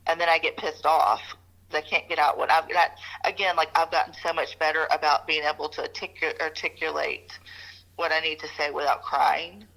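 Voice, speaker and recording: A woman's voice: sits low, flat delivery, brisk, creaky, a bit bright, rough recording. A woman co-hosting an advice podcast, candidly telling personal stories in casual chat. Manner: candid storytelling. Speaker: podcast co-host.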